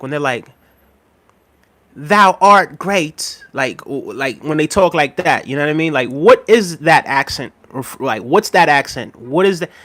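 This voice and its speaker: A man with a slightly high voice chats casually on his live stream. He reads out viewer messages, laughs often and rambles, repeating his phrases.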